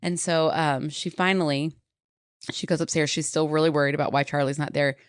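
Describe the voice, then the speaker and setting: A woman's voice: low voice, steady tone, fairly quick, clear, resonant tone, dry recording, clean studio sound. A woman podcast host in casual chat, animatedly retelling a book's plot and acting out the characters' lines.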